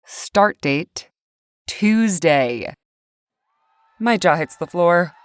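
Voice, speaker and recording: A woman's voice: lowish voice, lively intonation, drawn-out words, clean tone, no room sound, studio quality. Dramatic young woman narrating her own story. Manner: dramatic, swings between rage and quiet despair. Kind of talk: first-person scripted narration. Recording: faint music bed.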